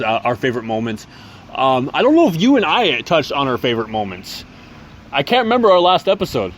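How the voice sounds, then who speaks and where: A man co-hosting a casual podcast, talking in a chatty, halting way with many fillers and restarts. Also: medium pitch, a little hiss or hum. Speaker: podcast co-host. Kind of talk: casual chat.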